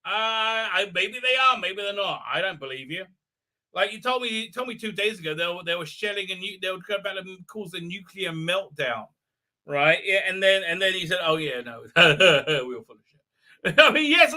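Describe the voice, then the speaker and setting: High, bright-voiced man rambling on a livestream. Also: moderate pace. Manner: rambling, many fillers and restarts, laughs often. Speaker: livestream host. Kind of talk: casual livestream chat.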